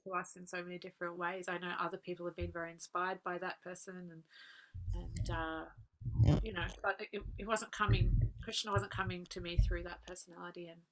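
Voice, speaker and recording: A woman, earnestly recalling personal memories as a guest speaker, laughing softly now and then. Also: on the low side, little pitch movement, fairly quick, a little hiss or hum. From Australia. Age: 40s. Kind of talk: personal reminiscence talk.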